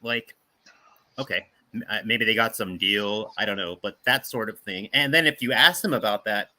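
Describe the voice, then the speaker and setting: Man, low pitch, very bright tense tone, wry sarcastic chat. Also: normal speed, dry recording. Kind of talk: casual chat.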